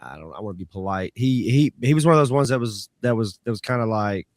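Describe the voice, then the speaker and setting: A man's voice: fairly low pitch, expressive, quick pace, a little mellow, no room sound, clean studio sound. A man co-hosting a podcast, chatting casually and hesitantly with stumbling restarts. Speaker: podcast co-host. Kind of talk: casual chat.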